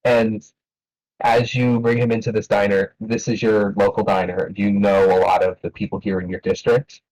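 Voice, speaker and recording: A man narrating as game master of a tabletop game, relaxed and hesitant with many fillers. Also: lowish voice, normal speed, low-quality recording.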